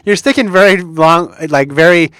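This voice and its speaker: A man's voice: fairly high pitch, normal speed, a bit bright, clear, resonant tone, no room sound, clean studio sound. A man co-hosting a casual sports talk show, playfully quizzing his co-host. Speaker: podcast co-host. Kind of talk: casual chat.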